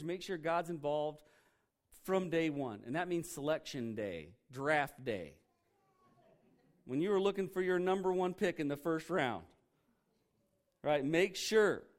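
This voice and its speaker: Animated conversational male pastor. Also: fairly high pitch. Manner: conversational, acts out quoted voices, animated. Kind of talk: sermon.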